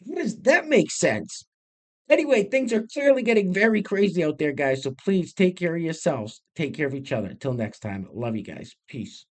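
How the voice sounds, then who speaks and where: A man's voice: fairly high pitch, sing-song, normal speed. A man hosting an online commentary show, introducing clips with sarcastic, mocking asides. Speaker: commentary channel host. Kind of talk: scripted commentary on video clips.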